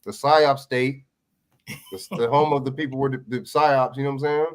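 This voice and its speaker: Casting: male co-host, lively and teasing, mid-pitched, reads news aloud. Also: normal speed. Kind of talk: casual chat.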